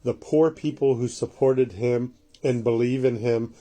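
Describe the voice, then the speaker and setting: Critical male commentator, very dark tone. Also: medium pitch, fairly even intonation, a little slow. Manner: scornful, critical. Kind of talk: political commentary.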